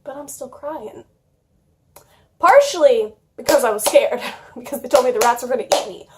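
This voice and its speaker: Giggly high-voiced young woman vlogger. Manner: chatty, giggly, lots of "like". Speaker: YouTuber. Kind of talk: casual storytime vlog.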